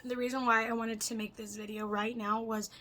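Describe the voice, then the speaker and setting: A young woman chatting casually to her camera, rambling and swearing, her voice swinging between loud and soft as she jumps between topics. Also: fairly high pitch, little pitch movement, brisk, slight background noise, rough recording. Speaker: vlogger.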